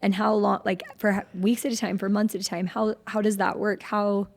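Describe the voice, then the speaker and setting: A woman hosts an interview and draws her guest out with sympathetic, encouraging questions. Her voice carries a strong vocal fry and sits at a middle pitch. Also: level tone, a little fast. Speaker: podcast host.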